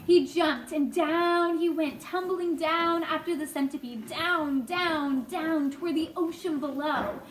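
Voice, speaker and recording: High-voiced woman reading a storybook aloud. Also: a little slow, hardly any pauses. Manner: expressive, gentle read-aloud. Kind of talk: reading a children's book aloud. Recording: echoey room, faint noise.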